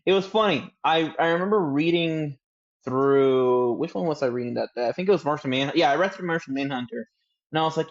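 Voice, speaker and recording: A man's voice: a little high, fast. A man co-hosts a podcast in an easy, reflective way, talking through his views at length. His voice sounds a bit dull and muffled, as if on a modest mic. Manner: thoughtful, steady, explains his opinions at length. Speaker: podcast co-host. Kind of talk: casual chat.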